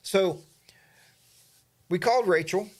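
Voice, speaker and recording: A man's voice: sits high, slow pace, a little mellow. A middle-aged man hosting a livestream, telling a rambling story and reading out chat comments, with lots of fillers and asides. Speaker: livestream host.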